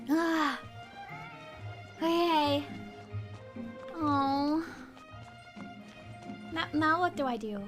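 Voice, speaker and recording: Cutesy high-voiced woman streamer. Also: very slow, pauses often. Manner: cutesy baby talk, gushing. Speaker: VTuber streamer. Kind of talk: casual game stream. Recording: faint game music.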